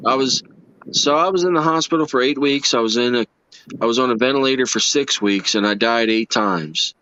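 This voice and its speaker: A man's voice: mid-range voice, a little fast, sharp tone, smooth, no room sound. A man, a livestream guest telling personal stories in an earnest, emotional, folksy way. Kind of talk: casual storytelling chat. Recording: dull lo-fi stream audio.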